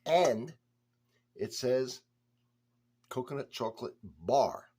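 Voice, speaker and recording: A man's voice: medium pitch, animated, slow, warm tone, husky. A man reviewing a beer for his vlog, chatty and blunt, talking straight to the viewer.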